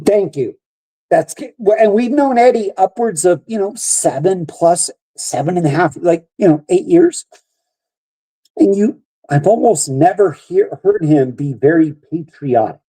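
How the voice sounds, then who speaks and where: A young American man hosting a podcast, ranting loudly about politics with a combative, profane manner. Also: sits high, lively intonation, unhurried. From United States. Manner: loud, combative, swearing. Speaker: podcast host.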